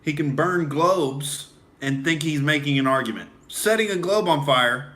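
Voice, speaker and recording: A man's voice: on the high side, measured pace, sharp tone. A young adult male comedian ranting in character on a satirical podcast, swaggering and swearing, always calling people "dude". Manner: pumped-up, beer-drinking rant. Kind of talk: satirical bro rant in character.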